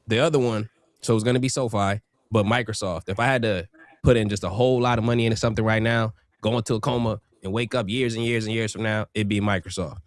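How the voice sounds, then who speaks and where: A man with a low voice laying out his watch list and trading advice in a calm, advisory tone. The sound is dry and close, with little room around it. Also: fast talker, dry recording. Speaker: stock commentator. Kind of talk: casual market commentary.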